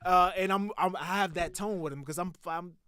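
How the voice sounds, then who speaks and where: A young man hosting a podcast, telling a long story in a loud, profane, animated way that drops to muttering. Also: high voice, normal speed, smooth, no room sound. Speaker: podcast host.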